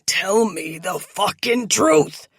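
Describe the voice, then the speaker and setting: Woman voicing a gravelly, menacing old captor. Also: mid-range voice, sing-song, slow, pushed and bright, no echo, studio quality, pitched below the performer's own voice, exaggerated voice. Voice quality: gravelly and commanding. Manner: barking threats.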